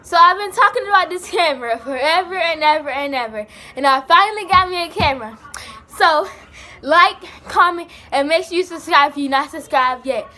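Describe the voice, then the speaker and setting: A young woman, chatting excitedly and breathlessly in a casual vlog. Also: extremely high pitch, moderate pace. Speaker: vlogger.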